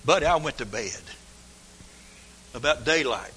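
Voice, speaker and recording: An older man preaching a folksy sermon, swinging from hushed asides to shouted lines in a church. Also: medium pitch, lively intonation, a little slow, slight background noise. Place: church sanctuary. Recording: long hall reverb.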